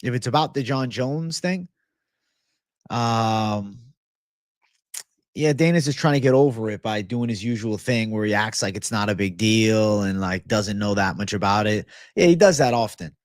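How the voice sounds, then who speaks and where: A man's voice: fairly low pitch, moderate pace, no room sound. Guy running a livestream, reads chat, swears a lot, laid-back, dry close sound. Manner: blunt, profane, laid-back. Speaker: livestream host. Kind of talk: casual livestream chat, reading viewer comments.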